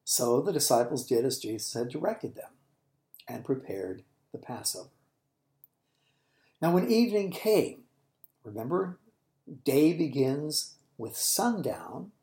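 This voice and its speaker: A man hosting a Bible teaching podcast, explaining scripture in an unhurried, thoughtful way and dropping to a whisper for quoted lines. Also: medium pitch, a little mellow, reverberant.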